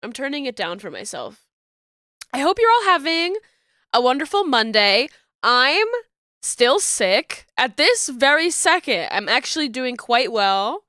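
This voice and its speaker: Bright-voiced congested woman streamer. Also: high voice, sing-song, a little slow, dry recording, clean studio sound. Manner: chatty, laughs often. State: congested, stuffy nose. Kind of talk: casual chat with viewers. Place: home desk setup.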